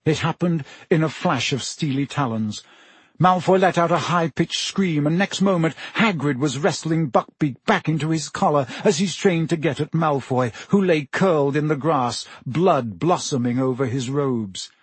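A man reading a fantasy story aloud in an expressive audiobook style. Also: on the high side, moderate pace, husky, no room sound. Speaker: audiobook narrator.

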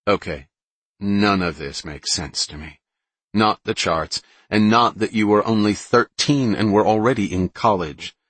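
A man's voice: on the low side, a little slow, fairly bright tone, no room sound. A man reading an eager young man who asks earnest, hesitant questions, in an audiobook.

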